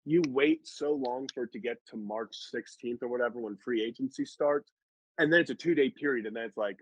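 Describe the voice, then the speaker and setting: A young man co-hosting a sports podcast, telling stories in a loose, laughing, animated way. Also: medium pitch, fairly quick, dry recording. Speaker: podcast co-host. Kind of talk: casual chat. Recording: dull, dry lo-fi sound.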